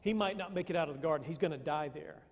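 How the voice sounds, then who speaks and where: A man preaches a sermon in an easy, conversational manner, stopping and restarting as he thinks aloud. His voice sits somewhat high for a man. A long reverb trails after his words, as in a large church. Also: quick pace. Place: church sanctuary.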